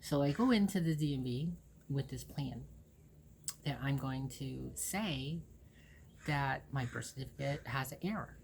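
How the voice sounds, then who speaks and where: Gravelly, low-voiced woman telling stories. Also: measured pace, darkish tone, a little hiss or hum. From Ohio, USA. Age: 40s. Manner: rambling, candid, swears freely, acts out quotes. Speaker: host. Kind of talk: casual personal storytelling.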